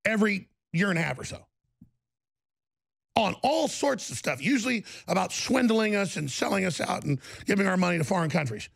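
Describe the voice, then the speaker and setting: Gravelly, sarcastic male commentator. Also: sits high, sing-song, a little fast, a bit bright. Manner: ranting, sarcastic, jumps between mock voices. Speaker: political commentary host. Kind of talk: heated political commentary.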